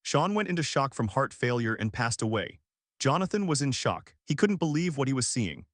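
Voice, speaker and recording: A man narrating an emotional story in first person, steady and earnest. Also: mid-range voice, normal speed, no echo, clean studio sound.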